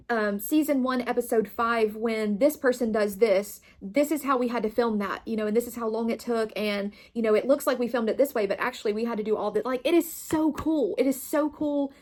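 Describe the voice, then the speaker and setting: An enthusiastic young woman talks through her month of reading in a relaxed, chatty way, gushing over favorites. Her voice sits a little higher than most. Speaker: booktube host. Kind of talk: casual reading wrap-up chat.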